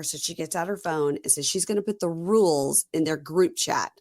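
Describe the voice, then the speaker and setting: A woman's voice: deep voice, moderate pace, darkish tone, no room sound, studio quality. Wry woman host recapping with exasperation. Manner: retells scenes with quoted dialogue, wry and exasperated. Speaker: podcast host. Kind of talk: casual chat recapping a reality show.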